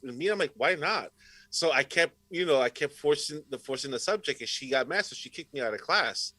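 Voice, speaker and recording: Bright-voiced man, swearing through stories. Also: mid-range voice, a little fast, dry recording, poor audio. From Puerto Rico heritage, raised in Rhode Island area. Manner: swears constantly, animated storytelling. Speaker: podcast guest. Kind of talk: casual chat.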